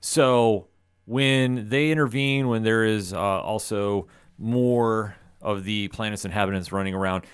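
A man's voice: fairly low pitch, measured pace, clear, resonant tone. A man co-hosting a podcast, giving an enthusiastic, explanatory recap in casual chat. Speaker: podcast co-host.

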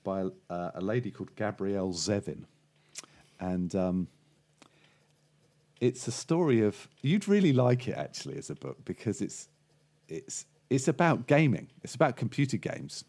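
A podcast co-host with a fairly low, mellow voice chats casually at normal speed, his pitch swinging widely. He rambles through jokes with lots of fillers and restarts, laughing at his own jokes.

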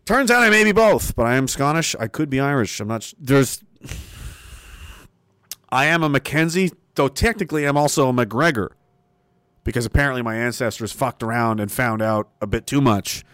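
A man ranting profanely on a casual livestream, reading out viewer comments and swinging from loud emphasis to mutters. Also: medium pitch, expressive, moderate pace, clean tone, no echo. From Canada.

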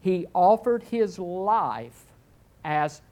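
Animated storytelling male preacher. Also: very slow. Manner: animated storytelling with swings in pitch; self-mocking humor. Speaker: pastor. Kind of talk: sermon.

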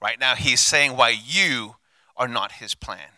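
A male pastor preaching a sermon on a handheld mic, passionate, swinging from hushed, intimate lines to loud declarations. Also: medium pitch, unhurried, dry recording.

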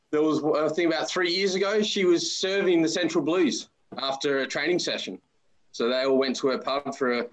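A man in his forties with an Australian accent, a podcast guest telling relaxed, friendly stories. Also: mid-range voice, poor audio. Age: 40s. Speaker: interview guest, amateur footballer. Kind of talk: casual interview storytelling.

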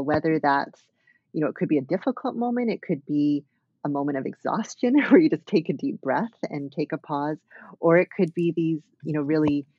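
A woman's voice: low voice, breathy edge, no echo, lo-fi sound. A woman dance artist talking thoughtfully as an interview guest, with many fillers and restarts. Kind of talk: reflective conversational interview.

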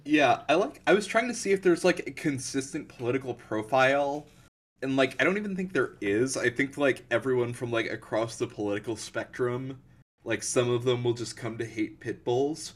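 Young male co-host, loose halting chat, laughs a lot, average pitch. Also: lively intonation. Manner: giggly, halting, lots of likes and ums. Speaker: podcast co-host. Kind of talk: casual chat.

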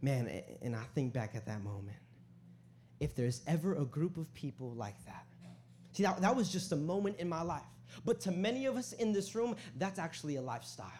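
This young preacher, from a Hispanic family in the US, has a slightly high, somewhat mellow voice with lively intonation and a fairly quick pace. Speaking in a church sanctuary, he combines prayer and storytelling, joking with the crowd, giving hype-man calls, and talking in conversational slang.

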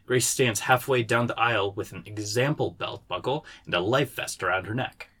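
A man, the writer, reading the stage directions of his screenplay aloud in a steady way. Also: lowish voice, moderate pace, slightly rough.

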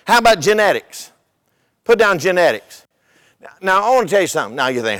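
High-voiced older man preaching a sermon. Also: very animated, brisk, a bit bright, in a large hall. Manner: conversational, repeats words, tells humorous stories. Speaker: pastor.

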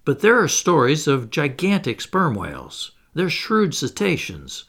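Guy doing a blustery canadian harpooner, loud, gravelly, all worked up. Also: fairly high pitch, wildly swooping pitch, measured pace, voice pushed up, heavily acted. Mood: blustering. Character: brash excitable Canadian harpooner, grown man.

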